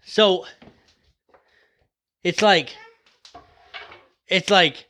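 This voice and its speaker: Young male podcast host, bright high voice, profane and fired-up, yells, then jokes. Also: normal speed, pauses often. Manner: profane, fired-up, yelling at times; relaxed and joking between rants. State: dry throat from yelling. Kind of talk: motivational casual talk.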